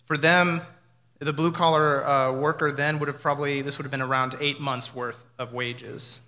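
A man delivers a sermon in a bright, forceful voice, talking it through conversationally and reflectively. His words carry a long reverb, as if spoken in a large hall. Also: medium pitch, little pitch movement, normal speed. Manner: conversational, reflective, with imagined dialogue. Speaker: pastor.

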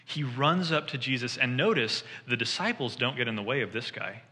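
A man preaching a sermon, retelling scripture with lively storytelling and acting out the lines of the people he quotes. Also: medium pitch, fairly quick, big-room sound. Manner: animated storytelling, voices quoted figures.

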